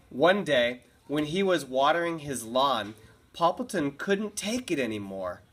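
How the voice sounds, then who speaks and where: A woman's voice: deep voice, very animated, unhurried. A woman teacher reading a picture book aloud to her class in a classroom, with chatty asides and easy laughs.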